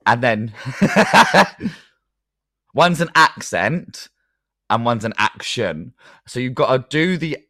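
A man co-hosting a casual podcast, swearing freely and laughing as he explains a game. His voice jumps widely in pitch with a bright, forceful edge. The recording is dry and close. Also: no room sound. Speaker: podcast co-host running a game. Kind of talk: casual chat.

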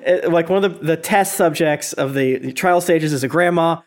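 Animated, higher-voiced man ranting. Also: moderate pace. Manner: animated, swearing, acts out quoted voices. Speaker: podcast co-host. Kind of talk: casual review chat.

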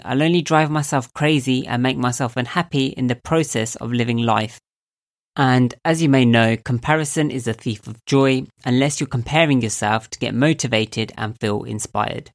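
A young man with a voice he calls squeaky and nasal, giving calm, earnest motivational advice to camera as a self-help video host. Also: moderate pace. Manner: calm, earnest, coaching tone with rhetorical questions. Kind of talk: reflective motivational talk to camera.

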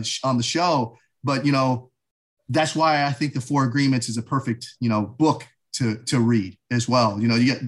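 A mid-pitched man speaking as an interview guest. He talks in an upbeat, motivational way, like a coach giving advice. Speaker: guest, former army instructor. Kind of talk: conversational interview.

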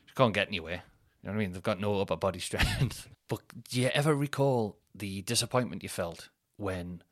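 A man in his thirties tells a comic story, rambling and poking fun at himself. His voice sits fairly low. The sound is close and dry, with no room around it. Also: brisk, no echo. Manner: rambling, self-mocking, chatty. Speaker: podcast host.

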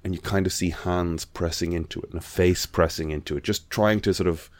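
A man's voice: deep voice, steady tone, fairly quick, no echo. A man in casual chat, animatedly telling a story and acting out the voices of the people in it. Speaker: podcast guest.

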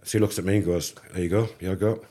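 A man's voice: low-pitched, fast, husky. A middle-aged man from England, a podcast guest, telling a casual anecdote and acting out the dialogue. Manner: animated anecdote teller, acts out dialogue. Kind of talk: casual storytelling.

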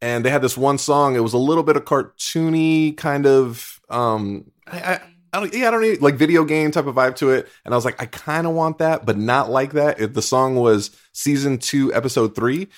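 A man's voice: mid-range voice, moderate pace, few pauses. A man in his thirties hosting a podcast at a music festival, chatting casually, laughing often and stumbling over his words. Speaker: podcast host. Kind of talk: casual chat.

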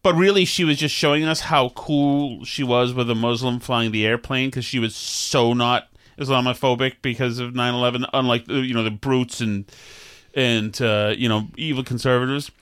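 A man co-hosts a podcast full of casual banter, sarcastic and rambling, stammering and restarting as he goes. His medium-pitched voice is fairly even in intonation, moderately paced, smooth, and fairly bright, captured in a dry, clean studio recording.

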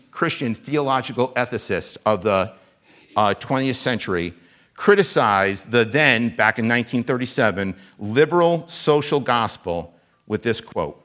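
A man preaching a sermon as a guest preacher. He speaks in a conversational, animated way and pokes fun at himself. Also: mid-range voice. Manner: conversational, animated, self-deprecating.

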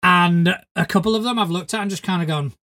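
A man's voice: sits high, fast, bright, forceful tone. Joking male podcast co-host from Spain. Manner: jokey, swears freely. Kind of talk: casual chat.

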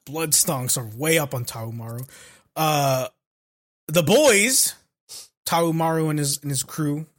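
A man's voice: a little high, animated, slow pace. A man co-hosting a casual podcast, retelling anime episodes in a joking, profane way and acting out the characters' lines. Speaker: podcast co-host. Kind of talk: casual anime recap chat.

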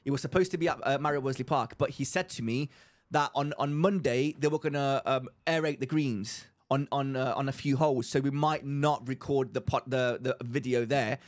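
This young man co-hosts a podcast, speaking at a moderate pace in a mid-range voice. His casual storytelling is lively, complete with acted-out voices for each person quoted.

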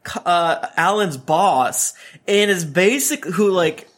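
A man's voice: high voice, slow pace, fairly bright tone. A man co-hosting a podcast, chatting casually about a book, joking and swearing. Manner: profane, joking, laughing. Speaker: podcast co-host. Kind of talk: casual book-club chat.

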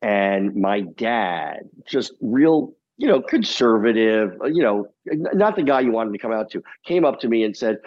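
A man, a TV comedy producer, talking as a guest in a casual interview, telling lively stories, laughing often and swearing casually. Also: lowish voice, normal speed, muffled recording.

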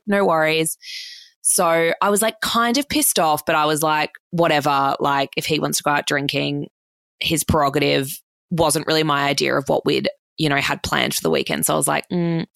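Young Australian woman, deep and dry-miked, casual story full of fillers and swearing. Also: gravelly, fairly bright tone, dry recording. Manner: chatty, heavy filler "like", swears freely, acts out quotes.

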